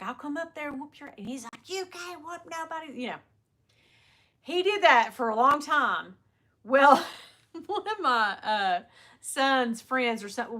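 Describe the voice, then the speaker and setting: A middle-aged woman hosting a livestream, chatting casually and telling lively stories, laughing often and mimicking the people she talks about. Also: fairly high pitch, normal speed. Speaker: livestream host. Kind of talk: casual chat to viewers.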